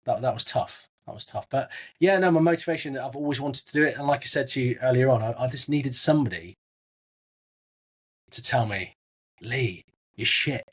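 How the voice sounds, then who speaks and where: Middle-aged guy from the southwest, husky voice, chatty interview guest, restarts a lot. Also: medium pitch, lively intonation, fairly quick. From Southwest England. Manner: chatty, frequent restarts, calls people mate. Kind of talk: casual interview chat.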